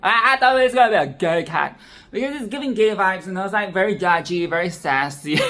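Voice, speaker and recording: Sassy film commentator, cusses a lot, rambly, keeps saying okay?, mid pitch. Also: expressive, brisk, a bit bright. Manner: sassy, profane, tags "okay?" onto lines; rambling with frequent restarts and laughs. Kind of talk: casual film commentary monologue.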